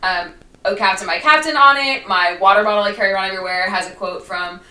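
A woman's voice: medium pitch, quick pace, sharp tone, reverberant, distant mic, low-quality recording. A woman who is a former teacher co-hosting a podcast in casual chat, with fillers and laughs. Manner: chatty, many fillers and laughs.

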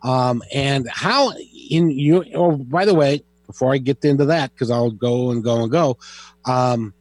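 A man hosting a call-in radio show, chatty and lively, inviting listeners to phone in. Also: mid-range voice, measured pace, no echo.

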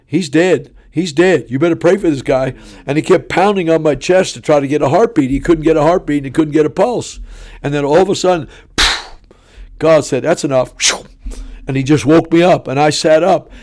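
A man preaching with a drawl, his voice sitting a little high for a man. He tells his story in an animated way and plays the other people's lines himself. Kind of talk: sermon testimony storytelling.

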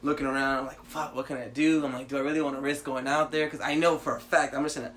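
A man's voice: medium pitch, level tone, quick pace, fairly bright tone. A young man telling a story in casual chat, swearing freely and acting out his own reactions.

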